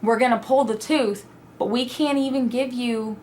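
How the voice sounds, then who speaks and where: A young adult woman telling a personal story in a casual, animated vlog style, acting out her own quoted reactions. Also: a little high, normal speed, a little hiss or hum. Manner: animated, dramatic retelling with quoted asides. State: pregnant (at the time told). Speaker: vlogger.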